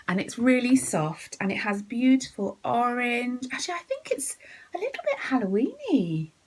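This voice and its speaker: A woman hosting her knitting podcast from home, chatting and giggling, often dropping into a soft whisper. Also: a little high, big pitch swings, normal speed, breathy edge, poor audio. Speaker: podcast host. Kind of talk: casual chat about knitting.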